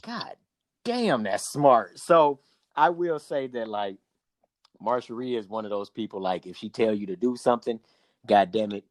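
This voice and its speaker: A man's voice: lowish voice, moderate pace, no echo, studio quality. A man co-hosting a casual podcast, telling a story with acted-out quotes and cursing. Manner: animated storyteller, acts out quotes, profane. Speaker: podcast co-host.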